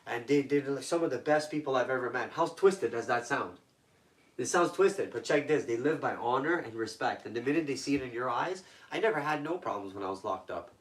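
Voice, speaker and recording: A man's voice: mid-range voice, lively intonation, fairly quick, recorded from a distance. A man from Toronto telling intense personal stories as a guest, in blunt, profane street talk. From Toronto, Canada. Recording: echoey room, voice off-mic.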